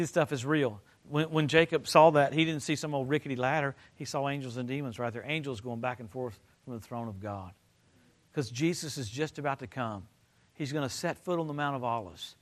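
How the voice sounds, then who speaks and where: An older man preaching a sermon, telling stories and swinging from loud excited bursts to low quiet stretches. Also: moderate pace. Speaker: pastor.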